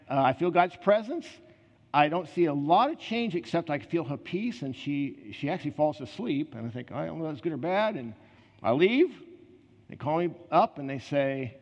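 A man preaching a conversational sermon, telling personal stories in an earnest way with quick asides and restarts. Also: a little high. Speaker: pastor. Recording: reverberant hall, slightly muffled.

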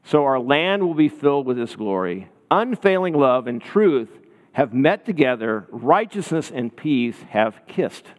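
A man's voice: mid-range voice, big pitch swings, measured pace, big-room sound. A man preaching a sermon in a conversational, storytelling way, often checking in with his listeners. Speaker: pastor.

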